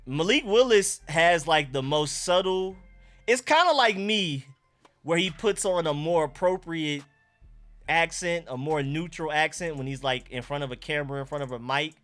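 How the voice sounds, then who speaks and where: A man's voice: a little high, normal speed, fairly bright tone, faint music behind. A young man with an Atlanta accent, hosting a casual live stream and reacting to chat and talking to his dog. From Georgia.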